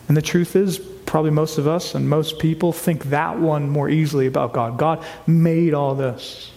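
A man's voice: on the high side, darkish tone. A man preaching a sermon as pastor, earnest, often restarting and repeating his words. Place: church hall. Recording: long hall reverb.

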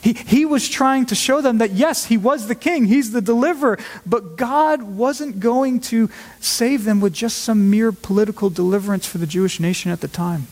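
A male pastor preaching a sermon to his congregation, emphatic, stressing words by shifting his pace and pitch. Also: normal speed, darkish tone. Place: church sanctuary. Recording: long reverb of a large hall.

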